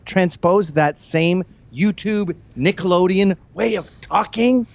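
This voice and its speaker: A male guest on a comedic talk show, making blunt, scornful, deadpan put-downs. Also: high-pitched, slow, dull audio.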